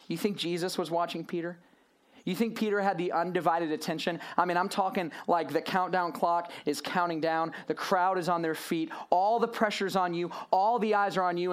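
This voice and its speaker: A male pastor preaching a sermon to a room of listeners, animated and full of rhetorical questions, moving between hushed and raised delivery. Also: high-pitched, brisk. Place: church or youth gathering room.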